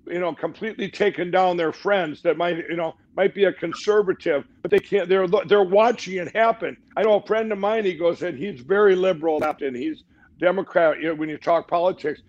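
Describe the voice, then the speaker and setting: A man's voice: high-pitched, brisk. A middle-aged man speaking as a guest on a talk show, rambling and emphatic, with frequent restarts. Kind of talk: fast rambling interview talk. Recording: dull lo-fi audio.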